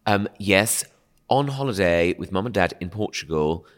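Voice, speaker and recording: A man's voice: deep voice, lively intonation, normal speed. A man in his forties with a posh English accent, from Southeast London, chatting as a podcast guest and telling self-mocking stories. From Southeast London, England. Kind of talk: casual chat.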